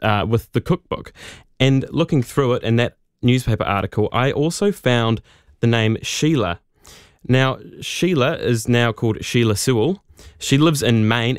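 A man's voice: mid-range voice, no echo, clean studio sound. A man, a radio producer telling a story in a chatty, informal way. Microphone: studio microphone.

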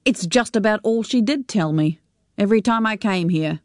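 A woman narrating a dramatic story in a measured, steady reading. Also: mid-range voice, no room sound, studio quality.

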